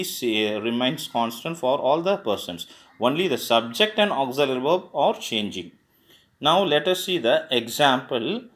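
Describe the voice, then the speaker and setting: Man teaching grammar, spelling words aloud. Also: medium pitch. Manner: patient, asks questions then answers them himself. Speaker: French teacher. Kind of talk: classroom grammar lesson.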